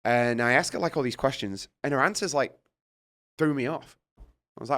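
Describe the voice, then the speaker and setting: British guy spinning a wild story, bright voice, swears a lot, acts out his own reactions. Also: mid-range voice, fairly quick. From Britain. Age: middle-aged. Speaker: guest. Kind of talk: casual storytelling.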